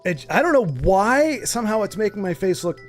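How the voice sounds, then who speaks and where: A man's voice: high-pitched, expressive, brisk, faint music behind. A man streaming a video game, chatting casually and jokingly with his viewers in a rambling way. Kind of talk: casual live-stream chat.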